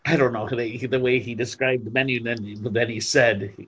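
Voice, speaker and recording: A man's voice: medium pitch, little pitch movement, a little fast, pushed and bright, breathy edge, muffled recording. A man co-hosting a podcast, chatting keenly and trailing off mid-sentence. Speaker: podcast co-host. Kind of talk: casual chat.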